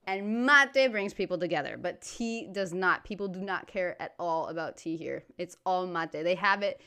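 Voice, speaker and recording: A woman's voice: lowish voice, normal speed, sharp tone, smooth. An American woman hosting a reaction video, chatting casually and bluntly, ranting with lots of "freaking". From United States. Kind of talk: casual chat.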